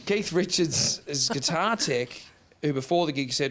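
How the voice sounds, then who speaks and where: A man's voice: medium pitch, steady tone, fairly quick, hardly any pauses. A man with an Australian accent, a rock musician telling stories in a casual interview, laid-back and laughing, swearing freely.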